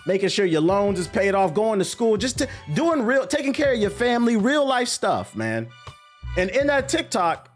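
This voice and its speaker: A high-voiced young man talks straight to his stream. His manner is animated, slangy and profane, with a loose conversational flow. A faint music bed plays quietly behind him. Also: normal speed. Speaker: streamer and content creator. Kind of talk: casual stream commentary.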